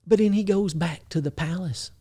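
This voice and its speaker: A man hosting a video who tells a story in casual talk, animated, chuckling often and restarting his sentences. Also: high voice, moderate pace, breathy edge. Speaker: video host.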